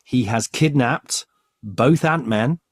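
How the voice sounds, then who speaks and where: A man's voice: mid-range voice, slow, husky, no echo, clean studio sound. A man co-hosting a podcast, eagerly retelling comic stories and acting out the quotes. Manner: enthusiastic, storytelling, acts out quotes. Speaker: podcast co-host. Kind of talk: casual comic-book chat.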